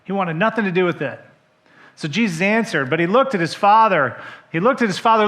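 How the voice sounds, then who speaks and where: A man's voice: high-pitched, brisk. A male pastor preaching a sermon, telling the story with animation and asking the congregation direct questions. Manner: animated storytelling, acting out the characters' quoted lines.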